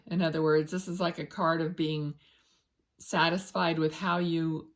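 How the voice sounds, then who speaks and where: A woman reading tarot as a psychic medium in a casual, rambling way. She often searches for words and restarts, and murmurs softly to spirit between cards. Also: low-pitched, level tone, a little slow.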